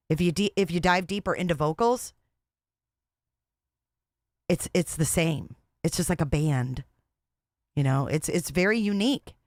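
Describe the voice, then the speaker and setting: Woman streamer, blunt and repetitive, slightly low pitch, dry sound. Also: no room sound. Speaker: livestream host. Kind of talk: casual livestream commentary.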